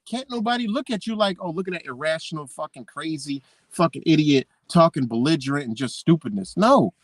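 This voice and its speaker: A man's voice: high-pitched, no room sound. A man hosting a live talk stream, ranting bluntly with heavy swearing and mimicking the people he quotes. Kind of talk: profane ranting monologue.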